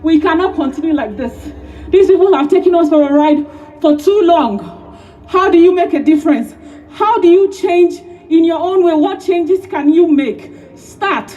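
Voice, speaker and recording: A woman's voice: very high-pitched, moderate pace, warm tone, highs cut off. A woman in her thirties from Nigeria giving an emotional, rousing speech at an outdoor rally, repeating key phrases. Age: 30s. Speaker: rally speaker.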